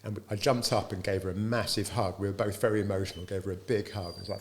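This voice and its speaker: A middle-aged man recounts his company's early days as an interview guest. His voice is a bit low and gravelly with some fry. He tells the story lively and slips into the voices of the people he quotes. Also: quick pace, a little hiss or hum. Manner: lively storyteller who acts out quoted dialogue. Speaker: business founder being interviewed.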